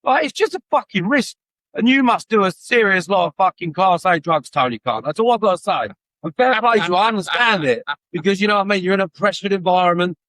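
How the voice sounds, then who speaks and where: A man with a London accent co-hosting a wrestling podcast, ranting and swearing excitedly in casual chat. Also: high voice, fast talker, no room sound. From England. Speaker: podcast co-host.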